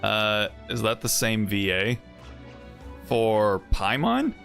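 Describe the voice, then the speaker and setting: A man's voice: on the low side, sing-song, takes it slowly, creaky, fairly bright tone. A man streaming a video game with casual, rambling, jokey commentary, often breaking into laughs. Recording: faint music underneath.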